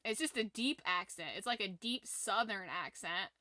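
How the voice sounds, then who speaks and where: Bright, chatty woman streamer. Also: medium pitch, moderate pace, dry recording. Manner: animated, rambling fan enthusiasm with frequent laughs. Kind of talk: casual live-stream chat with viewers. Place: home room with her collectibles behind her.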